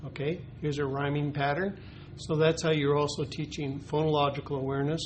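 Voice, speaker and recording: Male teacher educator, slightly high voice, hesitant, explanatory delivery, noisy recording. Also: level tone, a little fast. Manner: explanatory, with frequent ums and uhs. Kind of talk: instructional demonstration.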